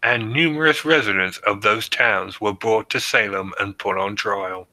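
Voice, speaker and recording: A man's voice: on the low side, unhurried, pushed and bright, no room sound, low-quality recording. A man co-hosting a podcast, reading out history notes and joking between the facts. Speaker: podcast co-host presenting research. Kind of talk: casual chat reading notes.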